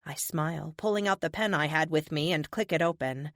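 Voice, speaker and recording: A woman narrating a first-person audiobook in an expressive, animated way. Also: low voice, fairly quick, no echo, studio quality.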